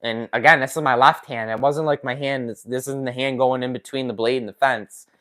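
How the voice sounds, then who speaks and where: A man hosts a casual live stream, talking straight to his viewers. He reads their comments out loud and laughs often. He speaks into a desk microphone with his injured hand in a splint. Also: medium pitch, fairly even intonation, fairly quick. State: recovering from a finger injury, in a splint. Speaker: woodworking channel host.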